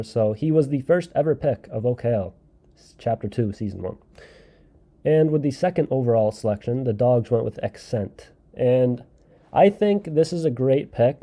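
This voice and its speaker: This man has a medium-pitched, dark-toned voice and hosts a casual solo podcast where he reviews a game league draft. He rambles through his opinions, thinking aloud and hedging his takes, and frequently repeats and corrects himself.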